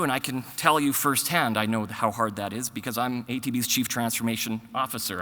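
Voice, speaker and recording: A man's voice: medium pitch, bright, forceful tone. A man in his forties, a bank executive giving earnest, conversational closing remarks at a conference while a bit out of breath. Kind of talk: conference speech. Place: large conference hall. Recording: reverberant hall PA sound.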